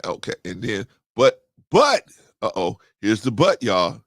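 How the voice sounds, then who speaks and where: Man, gravelly voice, very lively pitch, dry close sound, joking, preachy. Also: unhurried, no room sound. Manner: animated, joking, laughs often; preachy storytelling with sudden pitch jumps. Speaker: livestream host reading scripture. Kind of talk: casual comic Bible commentary.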